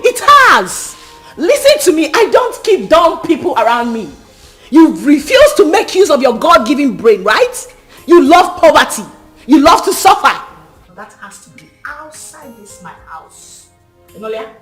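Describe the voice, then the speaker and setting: An actress playing a domineering young woman who scolds and mocks her pregnant friend in loud outbursts. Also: a little high, heavily acted. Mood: furious. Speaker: actress in a Nigerian film. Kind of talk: film drama acting.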